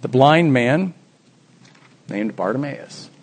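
A man preaching a sermon, acting out the voices of the Bible story with dramatic swings from soft to loud. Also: mid-range voice, animated, takes it slowly, a little hiss or hum.

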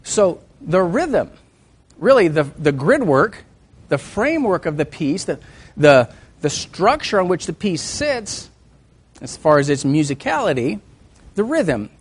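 A middle-aged man teaching a class on music and faith, lively and joking, breaking into sung and hummed examples. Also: a little high, unhurried, breathy edge. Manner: animated, sings and hums examples, jokes with the class.

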